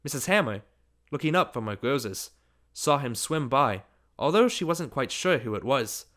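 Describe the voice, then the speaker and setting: A man narrates a literary short story as an audiobook reader, taking a measured, unhurried approach. His voice sits at medium pitch and comes across as animated and slightly bright.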